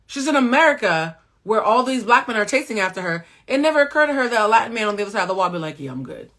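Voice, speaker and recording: A woman hosting a pop-culture recap, sassy and talking straight to her viewers, swinging between loud exclamations and a soft, low voice. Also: expressive, racing. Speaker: host and cultural critic.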